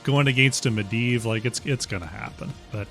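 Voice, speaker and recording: A man casting an esports match play-by-play in a measured way, with his voice often dropping quietly at the ends of his phrases. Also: on the low side, vocal fry, soft background music. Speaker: esports caster.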